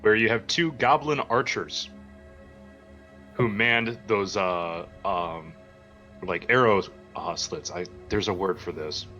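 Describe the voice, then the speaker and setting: A man's voice: on the low side, takes it slowly, sharp tone, highs cut off, faint music behind. A man running a tabletop roleplaying game as dungeon master, casual and dryly teasing, often laughing.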